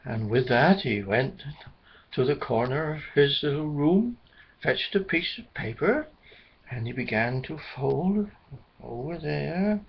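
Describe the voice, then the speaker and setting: A man telling a children's story in a gentle, chuckling storybook manner. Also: a little high, lively intonation, slow pace, creaky, husky. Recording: dull lo-fi recording.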